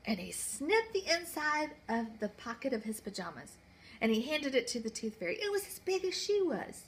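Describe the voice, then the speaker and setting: Expressive woman teacher reading a storybook. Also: a little high, fairly quick. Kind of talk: reading a picture book aloud to children. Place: classroom.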